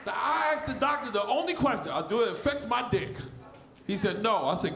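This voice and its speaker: A man in his forties with a lisp works a comedy club crowd in a stand-up set. His voice is very high and swings all over, and he is loud and crude, often shouting. The room gives his mic a roomy echo. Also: expressive, brisk, gravelly. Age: 40s.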